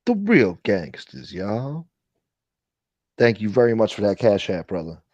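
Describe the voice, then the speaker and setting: A man's voice: fairly low pitch, big pitch swings, measured pace, a little mellow, no echo, muffled recording. A man hosting a casual livestream chat, ranting with profanity and thanking viewers for donations. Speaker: livestream host.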